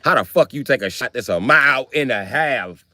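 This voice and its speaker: An American man with an American accent, ranting on a live stream in a loud, profane, animated way. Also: medium pitch, moderate pace, no echo. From United States.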